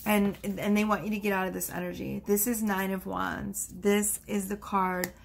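A woman's voice: mid-range voice, little pitch movement, moderate pace, vocal fry, slight background noise. A woman giving a casual tarot card reading, chatty and reassuring, with frequent exclamations. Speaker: tarot reader.

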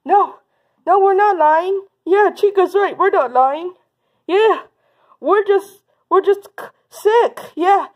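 A woman doing a pack of schoolyard bullies who sound small and whiny, their voices pitched up high and shrill. They plead slowly and drag out their words. The recording is muffled and lo-fi. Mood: protesting. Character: whiny scared schoolyard bully kids.

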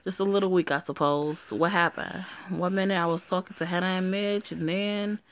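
A woman's voice: fairly low pitch, steady tone, moderate pace, dry recording, lightly acted. A woman voicing a young heroine who is earnest and bewildered, read aloud plainly from a story game. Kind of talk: reading game dialogue aloud.

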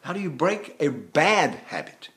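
A man's voice: a little high, big pitch swings, measured pace, fairly bright tone. An older male voice teacher explaining technique in a chatty, folksy way, breaking off to hum and sing short syllables as demonstrations. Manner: demonstrates hums and sung syllables mid-explanation. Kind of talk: vocal lesson with demonstrations.

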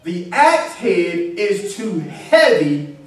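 A man delivers an emphatic call-and-response sermon, crying out in a strikingly high voice that swings up and down. He sits far from the microphone, and the church around him rings with heavy echo. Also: sing-song, very slow. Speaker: preacher. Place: church sanctuary. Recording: very echoey church from a distance.

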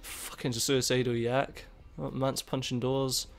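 A man giving casual, excitable gameplay commentary, swearing a lot and laughing at the game. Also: medium pitch, a little slow. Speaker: gaming YouTuber. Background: faint game music.

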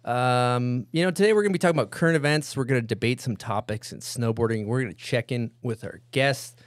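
Guy hosting a podcast, upbeat quick banter, dry close studio mic. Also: mid-range voice, dry recording. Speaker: podcast host. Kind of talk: casual chat.

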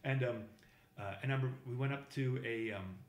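A man spins a long story in casual chat, stumbling through fillers and restarts and slipping into the voices of the people he quotes. His voice sits at an ordinary middle pitch. The room around him is echoey. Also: a little fast. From Boston, USA. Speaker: podcast guest telling a travel story.

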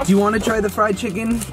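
Guest spot: a man with a high-pitched, playful joking delivery over a clear music bed. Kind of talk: casual mukbang chat.

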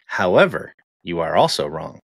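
A man co-hosting a casual tech podcast, chatty and animated, laughing easily as he talks. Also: low-pitched, moderate pace, vocal fry, slightly rough, dry recording. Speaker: podcast co-host.

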